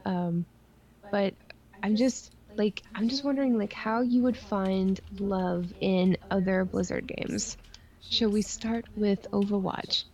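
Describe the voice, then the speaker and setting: A woman's voice: mid-range voice, slow pace, warm tone, highs cut off. A young adult woman from Ontario co-hosting a casual gaming chat show, rambling and playful with many fillers. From Ontario, Canada. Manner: rambling, lots of likes and ums, playful. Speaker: podcast co-host.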